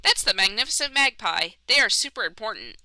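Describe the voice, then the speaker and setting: A woman's voice: fairly high pitch, animated, fairly quick, pushed and bright, dry recording, poor audio. A woman streamer giving playful, casual commentary on a game. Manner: playful, giggly asides.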